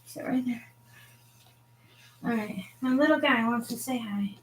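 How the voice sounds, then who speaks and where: A woman's voice: fairly high pitch, a little slow, noisy background. A woman hosting a tarot livestream from home, chatting casually and rambling to her viewers.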